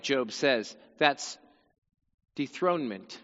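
A man's voice: fairly high pitch, expressive, measured pace, fairly bright tone, in a large hall, highs cut off. A male pastor preaching a sermon, reading scripture dramatically and chatting casually between passages.

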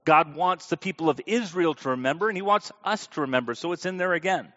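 A man delivers a sermon in a relaxed, conversational tone. He stresses his points and puts questions to the audience. His voice sits a little high, and the recording sounds dull and lo-fi. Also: quick pace. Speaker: preacher teaching a Bible class.

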